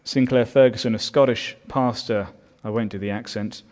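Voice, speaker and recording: A man's voice: on the low side, steady tone, normal speed, darkish tone. A man preaching a sermon as pastor, earnest and building in volume on his key points.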